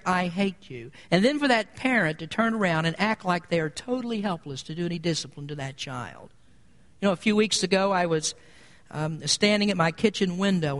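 A man preaching a sermon, emphatic and building to loud peaks on repeated phrases. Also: high voice. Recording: long hall reverb.

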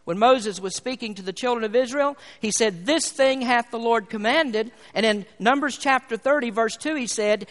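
A man with a strikingly high voice delivers a sermon. He drives his points home with emphatic repetition and rising pleas. His voice rings out with a long reverb, as if in a big church hall. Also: normal speed, hardly any pauses, fairly bright tone. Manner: emphatic preaching with rising, repeated phrases. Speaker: pastor.

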